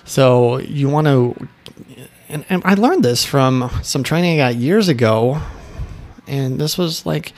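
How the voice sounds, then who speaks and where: A man's voice: mid-range voice, slow pace, a little mellow. A man giving casual advice to insurance agents, talking loosely, restarting sentences and acting out sample texts and calls. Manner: conversational, restarts sentences, acts out sample lines. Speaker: insurance sales coach.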